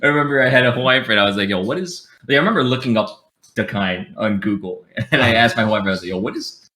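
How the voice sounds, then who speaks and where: Low, bright-voiced man chatting casually. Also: very fast. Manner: laughs often, acts out quoted friends. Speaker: podcast host. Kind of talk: casual podcast chat.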